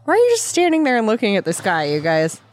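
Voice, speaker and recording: A woman making wry, drawn-out comments as she watches a film with a friend. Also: medium pitch, huge pitch swings, soft background music. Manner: unhurried, wry, drawn-out reactions. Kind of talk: casual watch-along commentary.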